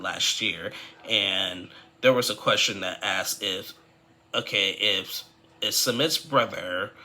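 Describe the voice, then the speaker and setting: A man in casual recap mode, rambling and restarting as he acts out quotes from the show. His voice sits fairly low but sounds very bright and forward. Faint noise hums behind him. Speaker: TV recap vlogger.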